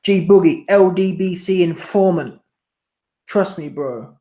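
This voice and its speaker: Brief: man, fairly high voice, laid-back slangy streamer, echoey room. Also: unhurried, dark tone. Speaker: boxing commentary channel host. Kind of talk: casual live-stream chat reading super chats. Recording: roomy echo.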